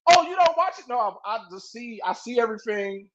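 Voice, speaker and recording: A man's voice: very high voice, fairly quick, slight background noise. A man co-hosting a podcast, chatting casually about wrestling and telling stories with mocking impressions. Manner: animated storytelling with mocking impressions. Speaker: podcast co-host. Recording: muffled lo-fi audio.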